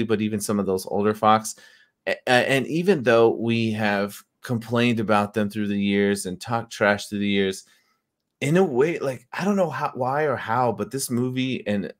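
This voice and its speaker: A man co-hosting a casual podcast, speaking earnestly and reflectively with some hesitant restarts. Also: on the low side. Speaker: podcast co-host. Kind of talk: casual chat.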